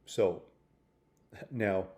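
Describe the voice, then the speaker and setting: A man's voice: sits low, drawn-out words, mellow. A man talking through a personal mistake in a reflective vlog, thoughtful and rambling, with restarts and fillers. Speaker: vlogger.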